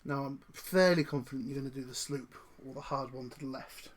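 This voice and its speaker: A man's voice: mid-range voice, fairly quick. A man playing a tabletop game, calling out his moves and teasing the others. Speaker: player. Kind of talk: casual chat over a tabletop game. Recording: faint background noise.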